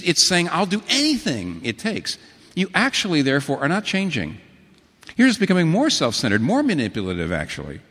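A middle-aged male pastor delivering a sermon, his voice leaping between soft, low asides and lifted, emphatic questions. He tells stories and reads quotations aloud, and the sound carries the long reverb of a big church hall. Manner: animated storytelling with sudden pitch swings and quotations.

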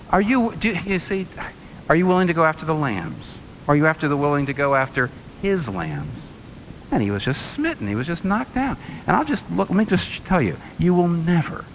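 A man's voice: a little high, slight background noise, rough recording. A man preaching a sermon, firing rhetorical questions and telling a story.

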